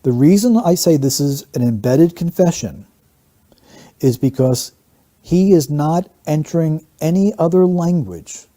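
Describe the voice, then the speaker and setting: A man's voice: a little high, animated, unhurried, mellow. A man teaching statement analysis, methodically walking through an interview clip and repeating key phrases for emphasis. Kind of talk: explanatory analysis of interview clips.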